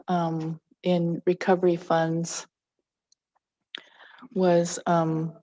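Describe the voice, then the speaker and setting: Woman, council report, low flat voice, slow and measured, many ums. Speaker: tribal council member giving an update. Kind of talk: meeting report. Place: council meeting.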